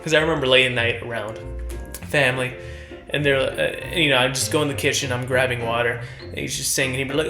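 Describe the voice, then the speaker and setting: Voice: mid-range voice, fairly even intonation, quick pace, bright, forceful tone, echoey room, soft background music. A stand-up comedian doing a comedy rant, acting out his relatives in raised voices. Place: college event stage.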